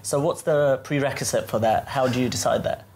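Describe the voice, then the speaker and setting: A man hosting a casual interview, chatty and eager, quick to chime in with agreement. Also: mid-range voice, darkish tone, slight background noise. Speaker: interviewer, show host.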